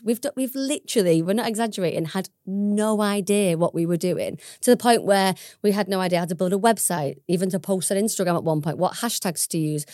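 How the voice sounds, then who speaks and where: A woman's voice: medium pitch, dry recording, clean studio sound. A woman with a Salford accent, a business co-founder talking candidly and laughing often in a casual interview. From Salford, England. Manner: candid, laughs often, animated when excited.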